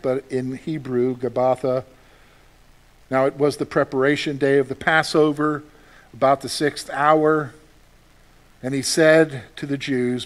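A man preaching a radio sermon, animated, acting out quoted voices and dropping suddenly soft. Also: fairly high pitch. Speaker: pastor.

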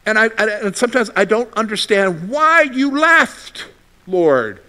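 A man preaching a sermon to his congregation, asking rhetorical questions and answering them himself, moving between loud emphasis and quiet, confiding asides. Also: high voice, very animated, measured pace. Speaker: pastor.

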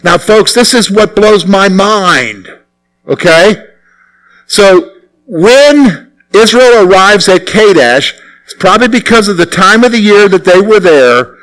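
A man's voice: high-pitched, expressive, measured pace, a bit bright, low-quality recording. A male preacher giving a conversational sermon, full of rhetorical questions and emphatic repetition. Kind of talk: expository sermon.

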